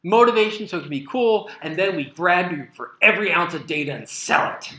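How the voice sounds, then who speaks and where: An American man giving an animated conference keynote talk, with emphatic delivery and sarcastic asides. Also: sits high, a little fast, heavy reverb, poor audio. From United States. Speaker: keynote speaker. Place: conference hall.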